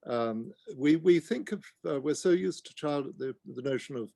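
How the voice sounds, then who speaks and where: A man who is a guest author in a literary conversation, thoughtful and halting, restarting his sentences often. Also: on the high side, animated, vocal fry, mellow, no echo.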